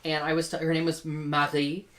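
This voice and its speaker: A woman's voice: low-pitched, level tone, normal speed, a bit bright. A woman co-hosting a podcast, telling stories in casual chat and laughing often. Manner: chatty, laughing storyteller. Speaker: podcast co-host.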